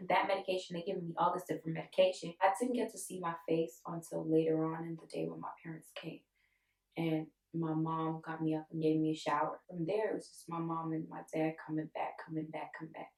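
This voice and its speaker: A woman in her twenties tells a personal story in an emotional, animated way, acting out the voices of others. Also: sits low, a little fast. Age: 20s. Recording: echoey room, voice from a distance.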